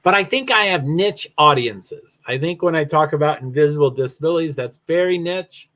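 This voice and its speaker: A man's voice: fairly high pitch, animated, moderate pace, a bit bright. A very tired man, yawning, chatting in a rambling way with many fillers while running a solo livestream about racing. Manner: rambling, self-interrupting with fillers. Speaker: live streamer.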